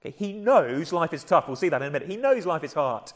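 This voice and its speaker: A hoarse man with an English accent, preaching a sermon in an earnest, conversational way with frequent repeated starts. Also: fairly high pitch, sing-song, fast, big-room sound. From England. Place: church.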